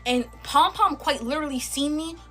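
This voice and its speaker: Young woman, fairly high voice, slangy storytime chatter over faint music. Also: moderate pace. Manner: chatty and animated, slangy, talks to viewers as y'all. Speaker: storytime creator. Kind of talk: casual storytime chat while making slime.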